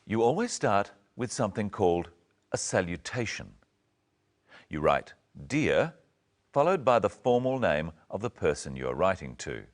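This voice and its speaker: Man, very low voice, wide-ranging intonation, scripted lesson narration, slow clear teaching. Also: sing-song. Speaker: presenter.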